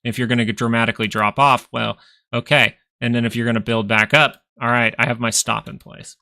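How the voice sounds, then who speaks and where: A man's voice: mid-range voice, flat delivery, fairly quick, creaky, pushed and bright, no room sound. A man hosting a live stock market stream, chatting casually as he walks through charts, thinking aloud and repeating phrases for emphasis. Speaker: stock market livestream host.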